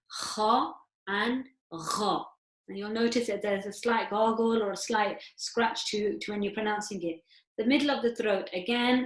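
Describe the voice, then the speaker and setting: A woman's voice: fairly high pitch, fairly bright tone, reverberant. A woman teaching a recitation class over a video call, patiently explaining and demonstrating sounds step by step.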